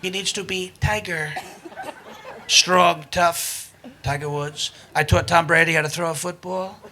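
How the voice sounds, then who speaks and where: A man doing an impression of a boastful older politician, bragging in repetitive, drawn-out phrases. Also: on the high side, steady tone, pushed and bright, a little hiss or hum, voice pushed down.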